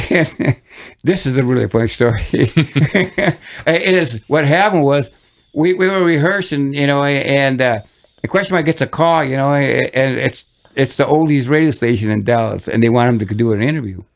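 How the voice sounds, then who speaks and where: A man's voice: mid-range voice, moderate pace. An older man from Michigan, a guest musician telling long, rambling stories in a casual interview, with many restarts and chuckles. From Michigan, USA.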